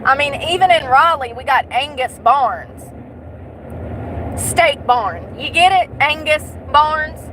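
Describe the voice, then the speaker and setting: A woman's voice: high voice, animated, takes it slowly, a bit bright, low-quality recording. A young woman chatting while she drives, joking, rambling and laughing often. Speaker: vlogger. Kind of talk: casual chat while driving. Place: inside a car. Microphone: phone. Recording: road and car noise. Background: car noise.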